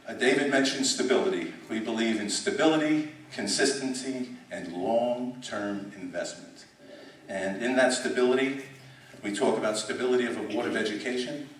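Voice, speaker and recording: A man's voice: fairly low pitch, slight background noise. Man speaking in an echoey hall. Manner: emphatic, repeats words, many fillers. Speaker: school superintendent. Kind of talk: symposium speech. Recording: echoey hall, distant mic.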